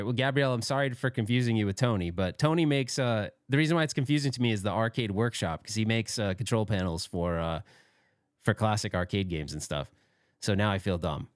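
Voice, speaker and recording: A man's voice: on the low side, no room sound, clean studio sound. A man hosting a casual livestream, chatting and reading out viewer comments in a rambling, self-deprecating way, often laughing. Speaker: livestream host.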